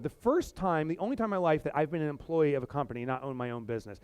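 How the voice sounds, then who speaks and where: Brief: middle-aged man, keynote speaker on stage, high and very lively voice, dry close sound, playful storyteller who acts out his lines. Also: fast, clean tone, dry recording. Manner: animated, acts out voices for comic effect. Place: stage before a live audience.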